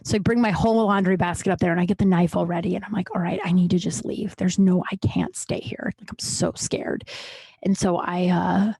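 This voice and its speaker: A woman's voice: lowish voice, fairly even intonation, fairly quick, few pauses, mellow, slightly rough, dry recording. A young adult woman hosting a solo podcast, talking in a rambling, confessional way with lots of restarts and fillers. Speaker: podcast host. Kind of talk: candid solo podcast monologue.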